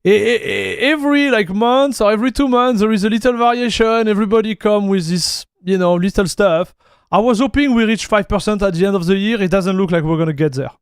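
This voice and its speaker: Fairly quick and clean in tone, a relaxed French tech streamer with a French accent addresses his live-stream chat in a high, light voice. He calls everyone "dude" and reads messages aloud, and the audio is close and dry with no room echo.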